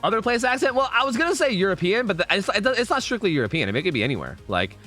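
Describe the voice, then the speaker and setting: Young male streamer, bright lively voice, rambling casual chat, faint music behind. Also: high voice, racing. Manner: rambling, swears casually, chats with viewers.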